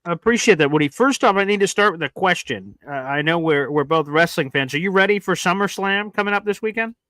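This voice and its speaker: Bright animated man chatting sports. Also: sits high, fast talker, dry recording. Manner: animated storyteller, acts out his own reactions. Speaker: podcast co-host. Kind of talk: casual sports chat.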